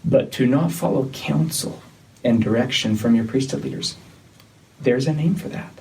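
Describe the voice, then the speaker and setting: A man leading a church disciplinary meeting, talking in a measured, insistent way that often repeats itself. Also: medium pitch, dark tone. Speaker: church leader. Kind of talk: tense meeting conversation. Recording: distant mic with faint noise.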